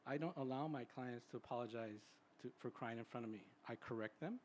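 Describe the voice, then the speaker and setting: A man's voice: medium pitch, a little fast, a little hiss or hum. A man in his sixties, a psychologist, giving a conversational public talk at a live event and often checking in with "right?". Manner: chatty, tags sentences with "right?". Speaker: psychologist speaking at a symposium.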